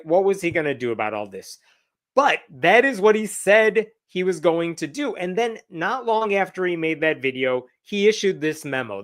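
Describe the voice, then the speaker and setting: A man with a somewhat high voice hosts a casual livestream news roundup. He reads documents aloud and mocks them in a sarcastic, conversational tone. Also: a bit bright.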